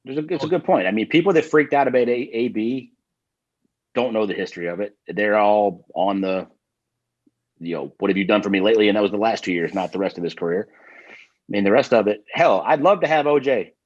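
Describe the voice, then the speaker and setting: A man talking quickly as a podcast guest, with a husky voice and a casual, enthusiastic manner. The audio is dull and slightly lo-fi. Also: fairly low pitch. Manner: enthusiastic, laughs easily.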